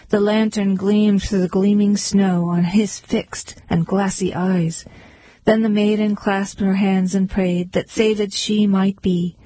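A woman reciting poems aloud in a rhythmic, measured way. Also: medium pitch, dark tone, no echo, rough recording. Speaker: poetry reader. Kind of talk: recited poetry reading.

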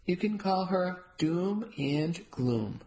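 A woman's voice: fairly low pitch, lively intonation, slow pace, mellow. A woman voicing a proud, self-absorbed father who boasts and makes showy introductions.

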